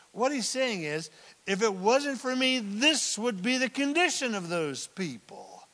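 A man preaching a sermon in a high voice, taking his time over every phrase. He talks in a playful, conversational way and then pushes into emphatic bursts. The sound carries a long hall reverb. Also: very animated, measured pace, pushed and bright. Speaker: pastor.

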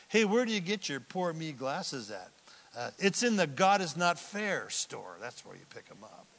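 A pastor preaching in a conversational, playful way that rises to emphatic bursts. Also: male voice, a little high, very animated, normal speed, gravelly, fairly bright tone, in a large hall. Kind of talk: sermon.

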